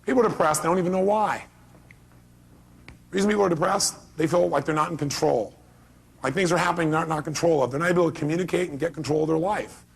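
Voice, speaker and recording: At a live seminar, a middle-aged motivational speaker talks fairly fast in a husky, fairly high voice with vocal fry. He's emphatic and keeps firing rhetorical questions at the audience.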